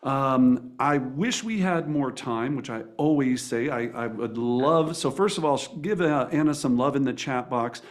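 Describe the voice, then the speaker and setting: A man's voice: medium pitch, unhurried, hardly any pauses. An enthusiastic man hosts an interview, voice in a mid range. He stumbles through restarts and fillers, jumping between praise and his next question. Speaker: host. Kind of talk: interview hosting.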